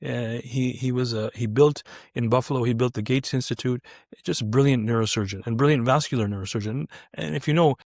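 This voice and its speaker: A man's voice: mid-range voice, brisk, creaky, a little mellow, dry recording, studio quality. A man, a surgeon, telling a story casually and acting out the dialogue with quoted voices, often restarting his sentences. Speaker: neurointerventional surgeon, podcast guest.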